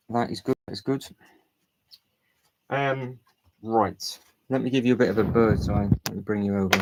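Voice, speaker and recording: A low-voiced man talks casually to his livestream audience as he works, thinking aloud and rambling through restarts and fillers. He drifts away from the desk mic now and then. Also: moderate pace, long pauses, rough recording. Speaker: livestream host. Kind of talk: casual live-stream chat while building.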